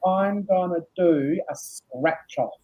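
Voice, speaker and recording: A tired woman hosting a casual live chat, laughing often and reading out viewers' comments in a husky voice. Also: on the low side, slow pace, mellow. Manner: chatty, laughs often, reads comments aloud. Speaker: host. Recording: dull lo-fi stream audio.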